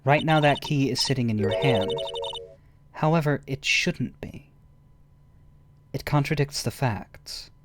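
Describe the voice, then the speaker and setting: A man voicing a composed female lawyer mentor who speaks in a quiet, measured, firm way. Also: medium pitch, background noise, close to an everyday voice. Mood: calm.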